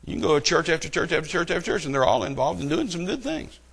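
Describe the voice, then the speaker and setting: A middle-aged man preaching a sermon, telling stories and building to loud, emphatic outbursts. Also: a little high, fast, vocal fry, husky. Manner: animated storytelling with rising outbursts.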